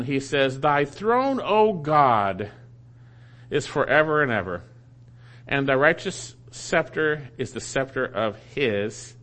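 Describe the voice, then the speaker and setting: A male preacher delivering a teaching sermon in a fairly high voice. His pitch swings widely as he leans on key phrases and repeats them for emphasis. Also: a bit bright. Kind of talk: sermon teaching through a Bible passage.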